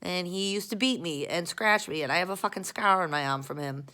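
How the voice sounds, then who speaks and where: A woman with a slightly low voice talks straight into a camera she holds close, somewhere in her home. Her rambling is blunt and full of swearing, and it swings from loud outbursts to quiet muttering. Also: brisk. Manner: rambling, profane and blunt, often restarting. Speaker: vlogger. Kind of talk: casual confessional rant.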